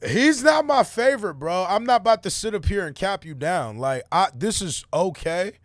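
In studio-quality audio with no echo, a man hosts a music reaction, offering laid-back, slang-heavy opinions on a song he's playing. His voice is high-pitched with lively intonation and a moderate pace, and he leans constantly on fillers like "like" and "you know."

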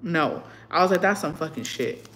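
A woman's voice: deep voice, normal speed. A young woman in casual chat, telling stories with plenty of swearing and slipping between English and Spanish, acting out what people said. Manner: profane storytelling, slips between English and Spanish; animated, acts out what people said.

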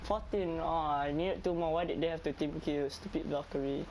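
A young man with a Singaporean English accent giving excitable, pleading commentary over live gameplay. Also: fairly high pitch, normal speed, a little hiss or hum, low-quality recording. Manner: excitable, pleading and whiny with teammates, breaks into laughs. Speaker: gamer streamer.

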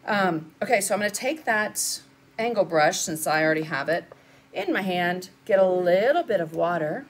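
A woman's voice: fairly low pitch, lively intonation, moderate pace. An older woman, chatting through a live painting lesson and answering viewers as she works. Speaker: art instructor.

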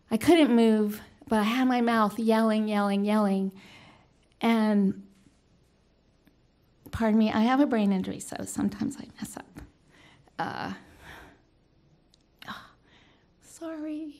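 Middle-aged woman, fairly high voice, earnest live storyteller on stage, halting delivery with bursts of shouting. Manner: earnest, halting, with restarts and sudden loud yelled lines. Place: small stage venue before an audience.

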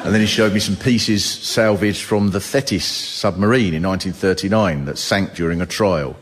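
A man doing stand-up comedy, telling stories with animated, mock-outraged outbursts. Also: fairly low pitch, normal speed, in a large hall. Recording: noisy live recording with audience laughter.

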